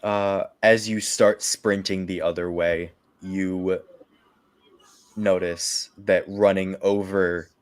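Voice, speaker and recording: A man runs a tabletop game, describing the scene in slow, halting narration with frequent fillers. His voice is very low and unhurried. The pitch barely moves. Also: level tone. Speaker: game master.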